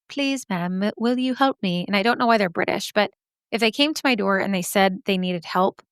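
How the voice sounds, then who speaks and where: Chatty woman podcast host, smooth voice. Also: mid-range voice, no echo, clean studio sound. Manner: chatty, lively, laughs often. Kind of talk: reading listener stories and chatting.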